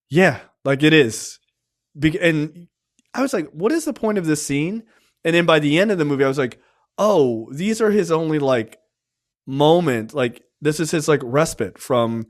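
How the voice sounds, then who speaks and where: A man's voice: mid-range voice, dry recording, studio quality. A man reviewing a film on a podcast in a loose, rambling, profane way, full of ums and likes. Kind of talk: casual conversational film review.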